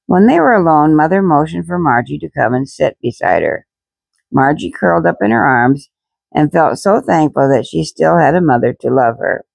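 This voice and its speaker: A woman reading a children's storybook aloud in a gentle, expressive way. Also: deep voice, moderate pace, creaky, husky, dry recording. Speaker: reader.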